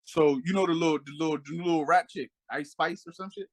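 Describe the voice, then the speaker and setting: A man's voice: a little high, fast. A man co-hosting a casual podcast chat, telling stories animatedly and acting out the people he quotes. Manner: animated storyteller, acts out quotes in raised voices. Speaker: podcast co-host.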